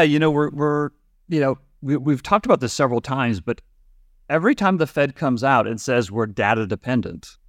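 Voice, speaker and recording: A man's voice: on the low side, dry recording. A man from rural Nebraska co-hosting a finance podcast, chatty and rambling with many restarts. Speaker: podcast co-host. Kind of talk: casual finance chat.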